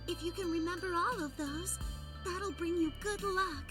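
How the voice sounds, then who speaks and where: An actress voicing an earnest, emotional young woman in a video game, speaking in a halting, tearful, heartfelt way. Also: very high-pitched, fairly bright tone, soft background music. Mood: grateful, overjoyed.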